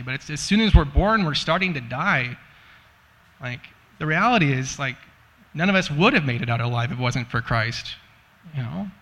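A man's voice: high voice, pushed and bright. Chatty man teaching in an echoey hall. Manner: chatty and joking, many "like" and "you know" fillers. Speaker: Bible teacher. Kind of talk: casual sermon.

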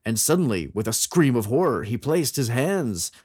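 A man's voice: medium pitch, big pitch swings, moderate pace, a little mellow, breathy edge, no room sound, clean studio sound. A man co-hosting a casual chat, reading a folk tale aloud and acting out the quoted characters. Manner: reads aloud with theatrical voices for quoted characters. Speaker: podcast co-host.

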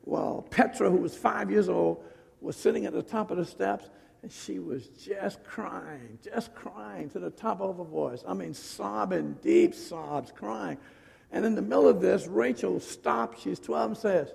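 A middle-aged man preaching a sermon, telling a personal story in an animated way with fillers and restarts, his voice gravelly and husky. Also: high voice, normal speed. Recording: long reverb of a hall.

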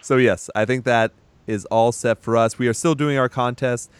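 A man's voice: mid-range voice, steady tone, normal speed, clean tone, dry recording. A man hosting a casual podcast, joking around and laughing often with his co-hosts. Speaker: podcast host. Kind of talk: casual chat.

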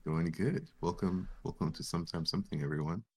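A man's voice: low-pitched, fairly quick, slightly rough. A young man co-hosting a podcast, teasing his friend in easygoing banter. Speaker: podcast co-host. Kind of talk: casual chat.

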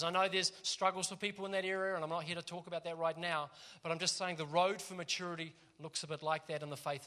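A man's voice: high-pitched, bright, forceful tone. A man, a pastor giving a casual, chatty sermon in a church and laughing often as he tells stories.

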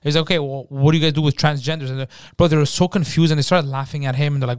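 A man co-hosting a casual podcast, rattling through a story and acting out the people in it. His voice sits a bit high, and he talks very fast. The recording is dry and close, with no room sound. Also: fairly even intonation, clean tone, no echo. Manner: rapid storytelling, acting out quoted people, frequent swearing. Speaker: podcast co-host.

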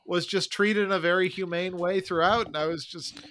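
A man talking through a film on a podcast, thoughtful and wry, often hedging. His voice is a little high. It has a bright, sharp tone. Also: fairly even intonation, fairly quick. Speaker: podcast co-host. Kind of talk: casual movie discussion.

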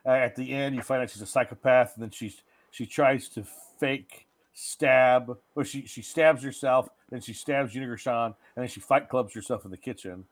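A man co-hosting a casual movie-review chat, retelling scenes and acting out characters' lines. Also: normal speed. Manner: animated, acts out characters' lines in high voices. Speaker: podcast co-host.

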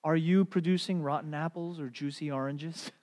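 A middle-aged man preaching a sermon as a pastor, telling stories in an animated way and putting on playful voices. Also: fairly high pitch, moderate pace. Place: church sanctuary. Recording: long hall reverb.

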